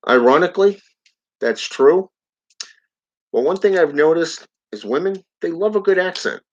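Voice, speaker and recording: A man's voice: fairly high pitch, lively intonation, slow pace, long pauses. A man hosting his channel, reading viewer comments aloud in a casual live-stream chat and chuckling often. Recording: dull lo-fi audio.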